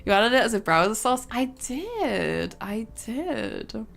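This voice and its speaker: Young woman, streamer, slow rambling chat, giggly, swears casually, faint music in background. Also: on the high side, very animated, vocal fry, a bit bright. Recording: faint game music behind.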